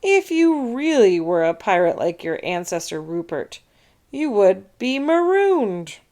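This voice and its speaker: A prim little schoolgirl who lectures her classmate in a bossy way, as a woman reads her. The lines come slowly and deliberately, with a light creak in the voice. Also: mid-range voice, sing-song, warm tone. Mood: lecturing.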